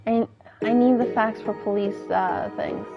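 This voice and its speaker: A woman's voice: on the high side, fairly even intonation, measured pace. A woman streamer reading out all the lines of a detective game, with wry asides of her own. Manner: reads all characters in a plain voice with asides. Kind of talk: reading game dialogue aloud. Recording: dull lo-fi stream audio with loud game music.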